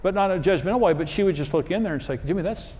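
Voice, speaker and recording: A man's voice: high voice, expressive, racing, a little mellow. A middle-aged man preaching a humorous marriage sermon, storytelling in a folksy way and acting out quoted voices. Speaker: marriage teacher and pastor. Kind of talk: humorous sermon to a live audience.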